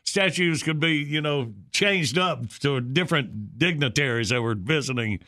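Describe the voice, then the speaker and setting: A man's voice: fairly high pitch, moderate pace. A man hosting a morning radio show, bantering casually and running a quiz segment. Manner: animated, jokey, runs the quiz segment.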